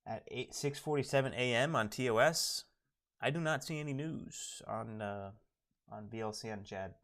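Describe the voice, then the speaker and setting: A man's voice: mid-range voice, moderate pace, fairly bright tone. Casual man mumbling through live trading. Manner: casual, thinking aloud, mumbles asides. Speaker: day trading streamer.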